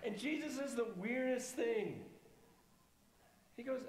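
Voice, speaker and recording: A man's voice: very high-pitched, slow pace, pauses often, roomy sound, a little hiss or hum. A man in his fifties teaching a healing class as a pastor, telling stories and acting out the people in them. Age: 50s. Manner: storytelling, acting out quoted dialogue. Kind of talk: sermon.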